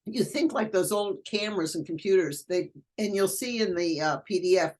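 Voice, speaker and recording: An older woman who is a guest educator, chatting casually in an interview and telling animated stories. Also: mid-range voice, moderate pace. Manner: animated storyteller, acts out quoted voices.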